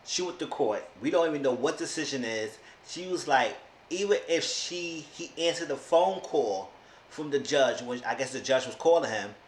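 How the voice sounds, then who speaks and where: A man rants through a casual TV recap in a sassy, exasperated way, slipping into mocking voices. His voice sits at a middle pitch. The room is echoey, with a faint hiss behind him. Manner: sassy, exasperated, mimics people in quotes. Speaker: TV show reviewer.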